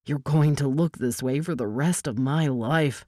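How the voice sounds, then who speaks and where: A woman reading an audiobook voices a large, forceful young man who is insistent and possessive. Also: very deep voice, measured pace, dry recording, clean studio sound. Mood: pressing.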